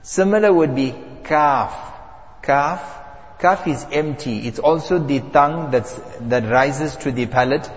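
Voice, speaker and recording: Slow, deliberate male teacher in a reverberant hall. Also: medium pitch. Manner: slow and deliberate, repeats sounds to contrast them. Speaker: Quran recitation teacher. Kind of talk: step-by-step pronunciation lesson. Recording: lo-fi audio with long hall reverb.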